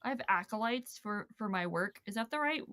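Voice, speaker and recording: A woman chatting casually, animated and playful, often correcting herself as she talks. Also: medium pitch, a little fast, dry recording. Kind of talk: casual chat.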